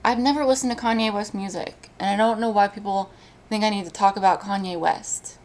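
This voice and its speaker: Woman live-streaming, emotional and halting. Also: medium pitch, fairly even intonation, darkish tone. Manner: emotional, halting, frequent restarts. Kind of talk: casual live-stream chat.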